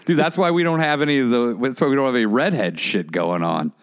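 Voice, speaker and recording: A man's voice: medium pitch, fast. A young man co-hosting a podcast in crude, casual chat, swearing and saying "dude" a lot. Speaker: podcast co-host.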